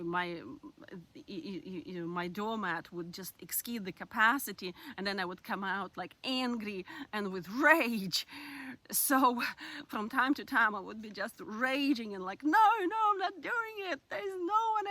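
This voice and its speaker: A woman talking through personal-growth advice in a candid, reflective way, laughing now and then and sometimes dropping to a soft near-whisper. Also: medium pitch. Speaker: self-help speaker. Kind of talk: casual advice monologue.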